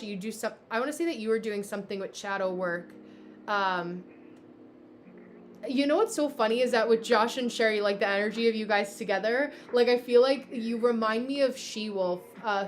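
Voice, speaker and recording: A woman's voice: a little high, a little hiss or hum. A young woman from New Jersey with a New Jersey accent, hosting a casual astrology livestream and chatting with viewers by name, full of fillers. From New Jersey, USA. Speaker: livestream host, astrology reader. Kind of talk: casual livestream chat reading comments.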